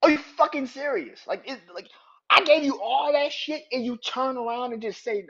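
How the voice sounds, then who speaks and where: A man's voice: very high voice, normal speed, bright, forceful tone, husky. A man hosting a wrestling podcast, ranting in a heated, profane, emphatic way. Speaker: podcast host. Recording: dull lo-fi audio.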